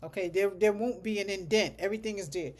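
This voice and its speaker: Speaking at a mid-level pitch, a medical coding instructor keeps a livestreamed class loose and conversational, musing aloud with the odd side remark. They repeatedly tack a checking "okay?" onto sentences and carefully repeat code numbers at a slow pace.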